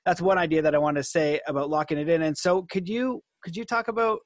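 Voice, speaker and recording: A man's voice: on the high side, quick pace, no echo, studio quality. A man hosting a podcast, talking casually with frequent fillers and easy laughs. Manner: casual, laughs often, lots of fillers like "you know" and "like". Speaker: podcast host and hypnotist. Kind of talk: podcast conversation.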